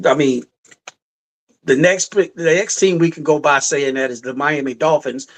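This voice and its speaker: A middle-aged man hosts a live sports podcast, rambling through casual sports talk and emphatically repeating his points. His voice is fairly high and steady, a little slow. The recording is rough.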